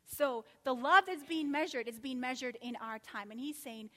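A woman preaching a sermon, animated and full of rhetorical questions, acting out quotes as she goes. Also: sits high, normal speed, long reverb tail.

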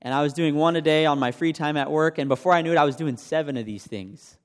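Delivering a sermon quickly in a fairly high voice, a young man talks through his own testimony and quizzes the congregation in a conversational style. Long reverb from a hall fills the audio.

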